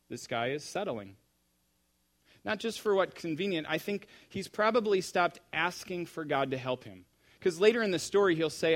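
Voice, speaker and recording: Male preacher, sermon delivery, animated storyteller moving between hushed and loud. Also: on the high side.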